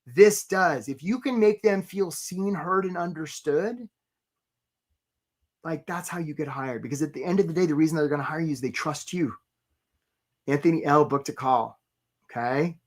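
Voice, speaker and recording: A man's voice: sits high, fairly bright tone. A middle-aged man coaching job seekers in a live webinar, chatty and upbeat, greeting viewers by name. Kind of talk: energetic live webinar presentation.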